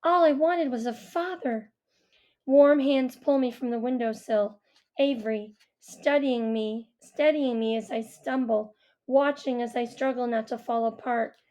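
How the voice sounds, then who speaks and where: A woman reads a first-person audiobook in a quiet, reflective way. Her voice sits a little higher than average. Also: measured pace. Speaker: audiobook reader.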